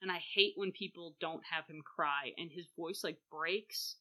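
Bright, gushing woman co-host. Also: lowish voice, unhurried. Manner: animated and gushing, with sarcastic asides. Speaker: podcast co-host. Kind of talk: casual chat about a play.

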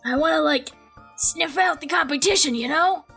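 A woman voices an eager little dog begging for treats, high and bright. It rambles with lots of hesitant "uh"s. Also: moderate pace, gravelly, faint music behind. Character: eager small dog hunting treats, disguised.

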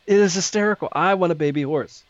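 A man's voice: high-pitched, fast talker, no room sound. Rambling man, dull lo-fi mic. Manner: rambling, laughs a lot, crude jokes. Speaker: podcast co-host. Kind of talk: casual crude banter.

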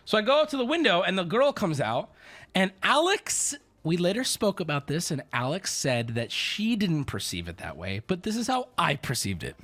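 Guy streamer ranting, high voice swinging all over, swears a lot, acts out the people in his story. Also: a little fast. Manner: animated, profane, acts out quoted voices. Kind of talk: casual storytelling rant.

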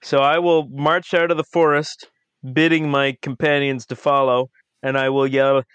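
A tabletop player talking casually in an online game, animated and stalling with strings of fillers. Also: mid-range voice, moderate pace, clean tone, dry recording.

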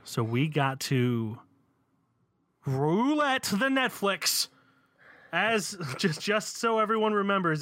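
A man's voice: on the high side, fairly bright tone, smooth, no room sound. A man co-hosting a casual podcast, talking in a rambling way with many fillers and restarts. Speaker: podcast co-host. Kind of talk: casual chat.

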